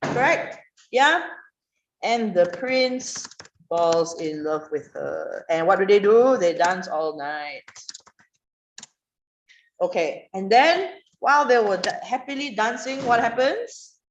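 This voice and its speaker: A woman teaching an online writing class, questioning students and praising their answers in a lively way. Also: mid-range voice, takes it slowly, a little hiss or hum. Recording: roomy, dull online class audio.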